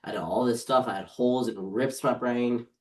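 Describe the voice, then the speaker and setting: A young man speaking quietly and briefly on a video call. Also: mid-range voice, brisk. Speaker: guest, son of the speaker.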